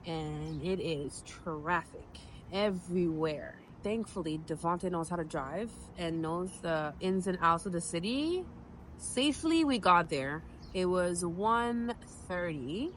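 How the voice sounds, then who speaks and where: A young woman vlogger casually telling her own story to the camera, chatty and animated, acting out her reactions. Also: fairly low pitch, unhurried, slight background noise, low-quality recording.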